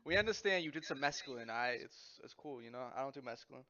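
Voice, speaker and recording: A young man in casual voice chat, talking fast in long profane rambles. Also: mid-range voice, animated, pushed and bright, highs cut off.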